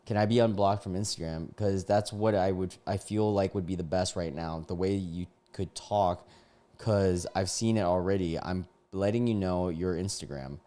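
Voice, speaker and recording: A man's voice: deep voice, fairly even intonation, normal speed, mellow. A young man streaming live, reading messages aloud and reacting in a laid-back, joking way that sometimes turns incredulous.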